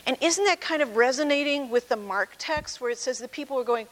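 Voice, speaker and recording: A woman's voice: sits high, fairly quick, a bit bright. A woman pastor giving a conversational sermon in a church, acting out quoted voices as she tells the story. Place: church sanctuary. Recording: long reverb with mains hum.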